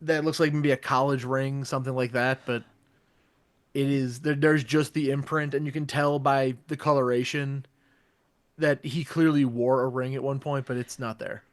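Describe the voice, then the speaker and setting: A man's voice: medium pitch, little pitch movement, moderate pace. A man playing a character in a horror tabletop game, stammering and repeating himself when rattled. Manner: stammering, jumpy. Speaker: player.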